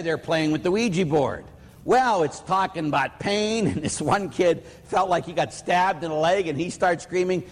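A man from Pittsburgh, a priest, preaching a conversational sermon full of plainspoken stories. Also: fairly high pitch. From Pittsburgh, USA. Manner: storytelling, anecdotal and plainspoken. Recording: long hall reverb.

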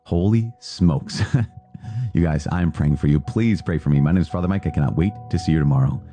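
Deep dark-voiced priest exhorting. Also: male voice, a little fast, soft background music. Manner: earnest, exhorting, with sudden lively asides. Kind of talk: podcast sermon reflection.

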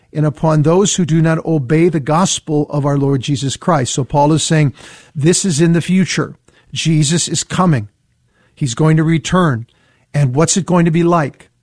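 A man leads a Bible study, reading passages slowly before breaking them down. His voice sits a touch high, and the sound is close and dry with no room behind it. He talks with steady, earnest conviction. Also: dry recording. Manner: reads verses slowly, then explains with earnest emphasis. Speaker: Bible teacher. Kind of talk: scripture reading and commentary.

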